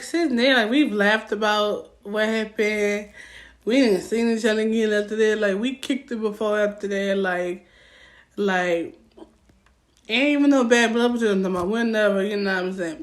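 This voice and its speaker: A young woman with a Southern US accent, telling a story-time vlog in a casual, loud and profane way, acting out what people said. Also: medium pitch. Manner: animated, loud and profane, acting out quotes with rising heat.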